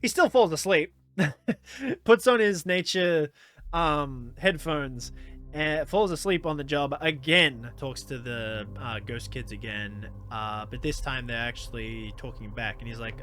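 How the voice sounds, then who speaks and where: A man's voice: mid-range voice, measured pace, a bit bright. A man casually recapping a movie plot in a rambling way, full of fillers and with frequent laughs. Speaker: YouTuber reviewing a movie.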